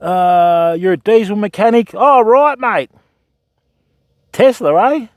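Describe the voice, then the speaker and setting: Aussie fishing streamer bloke, middle aged, chill and jokey, slightly high voice. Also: male voice, expressive, measured pace, no room sound, clean studio sound. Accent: Australian. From Australia. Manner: laid-back, joking, chatty. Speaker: fishing livestreamer. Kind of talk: casual chat with viewers.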